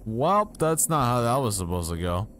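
A young man casually commenting as he plays a video game, with excitable, self-mocking reactions into a desk microphone. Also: mid-range voice, normal speed, slight background noise. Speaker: gaming YouTuber. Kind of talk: casual let's-play commentary. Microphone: new desk microphone.

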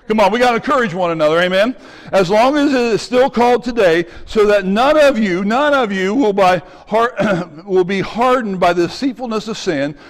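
Animated high-voiced man preaching. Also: in a large hall. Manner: animated, acts out voices and shouts. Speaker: pastor. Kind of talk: sermon. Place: church sanctuary.

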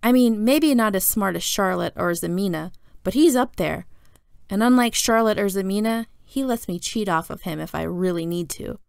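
A woman's voice: medium pitch, expressive, normal speed, gravelly, clear, resonant tone, dry recording, clean studio sound. A woman reading a children's novel aloud in a casual first-person voice. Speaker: reader.

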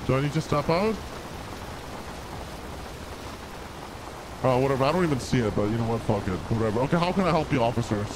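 A man's voice: mid-range voice, animated, racing, noisy background, close to an everyday voice. A man voicing a foul-mouthed, hot-tempered old man in a game role-play, ranting and hurling insults. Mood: mocking. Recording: music playing under the voice.

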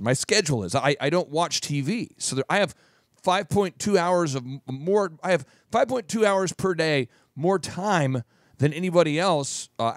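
A man from Minnesota hosting a podcast, talking through advice in a jokey, animated way with lots of repetition. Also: on the high side, dry recording, studio quality. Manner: jokey, animated, repeats phrases. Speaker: podcast host and business coach. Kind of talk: advice monologue.

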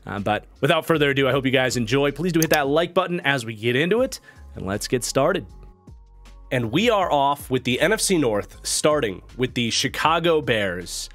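Male channel host, nasal with a cold, middle pitch, chatty football commentary with fillers. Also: very animated, normal speed, fairly bright tone, faint music behind. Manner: chatty, thinking aloud with fillers and restarts. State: recovering from a cold. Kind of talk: casual commentary to camera.

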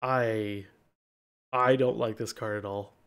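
A man hosting a board-game podcast in relaxed chat, teasing his co-host and laughing often. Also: lowish voice, slow, clean tone.

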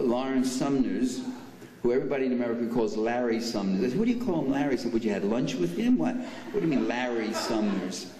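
A man's voice: medium pitch, dark tone. An older man giving a political speech at a banquet, sarcastic and full of mocking asides. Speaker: speaker at a banquet. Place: banquet hall. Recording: echoey hall from far off.

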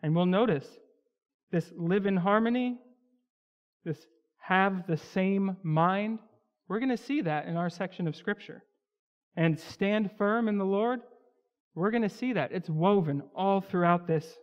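High-voiced pastor preaching in a reverberant church. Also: male voice. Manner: expository preaching, slows down for emphasis on key words. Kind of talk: sermon. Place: church sanctuary. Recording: dull, lo-fi church recording with long hall reverb.

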